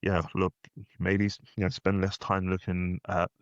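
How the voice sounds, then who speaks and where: A British man co-hosting a podcast, chatting in a relaxed, agreeing way. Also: low voice, measured pace, dry recording, muffled recording. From Britain. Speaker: podcast co-host. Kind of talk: casual chat.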